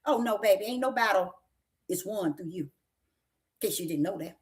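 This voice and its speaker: A woman's voice: medium pitch, expressive, moderate pace. A woman preaching a sermon as a prophetess, folksy and emphatic, who keeps asking her listeners questions and sometimes breaks into laughter.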